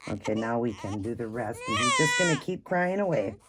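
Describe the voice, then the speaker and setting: A woman with a very low voice that moves lively up and down, chatting soothingly as she cares for a baby doll. She repeats herself often in a casual, homey way. Loud baby crying runs underneath her throughout. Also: a little fast, very noisy. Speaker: vlogger. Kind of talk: casual doll-care vlog.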